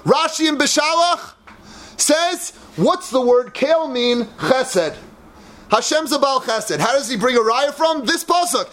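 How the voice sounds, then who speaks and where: Male Torah lecturer, very high voice, fervent and dramatic, building to shouts. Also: measured pace. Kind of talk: impassioned Torah class.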